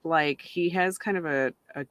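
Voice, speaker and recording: A man's voice: on the high side, normal speed, a bit bright, dry recording. A man co-hosting a casual chat, hesitant and searching for his words. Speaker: podcast co-host.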